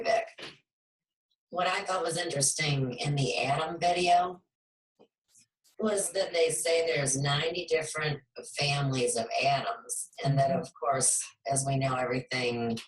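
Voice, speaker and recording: A woman hosting a spiritual talk show, speaking in a slow, measured, reflective way. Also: low-pitched. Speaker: host. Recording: echoey room, far from mic.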